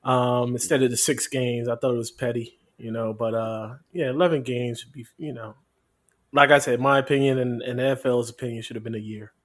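A man's voice: medium pitch, steady tone, a little fast. A man co-hosting a casual sports podcast, talking in hyped, repetitive slang. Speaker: podcast co-host.

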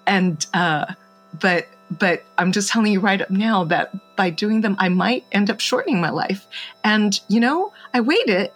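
Husky woman, earnest and halting. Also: medium pitch. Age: adult, married. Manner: earnest, halting, many fillers and restarts. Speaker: podcast guest. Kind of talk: reflective interview talk.

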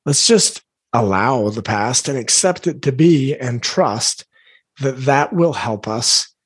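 A man coaching parents, talking earnestly and encouragingly about yelling at their teenagers, now and then clearing his throat. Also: medium pitch. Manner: earnest, encouraging, invites listeners gently.

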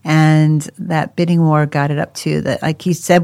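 A woman telling her own story in a casual podcast chat. She talks in an animated way, laughs often and acts out the voices of people she quotes. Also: low-pitched, a little fast, no echo. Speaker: co-host sharing her life story.

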